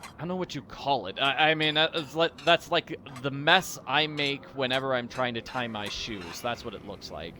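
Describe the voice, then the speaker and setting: A man's voice: medium pitch, normal speed, sharp tone, a little hiss or hum. A man giving goofy, rambling, self-deprecating commentary as he plays a mystery game. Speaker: let's-play host. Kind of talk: casual gameplay commentary.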